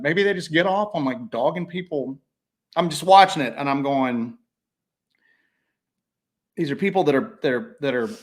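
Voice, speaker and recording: A man co-hosting a casual livestream, rambling and animated, slipping into quoted voices as he tells stories. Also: a little high. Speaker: co-host.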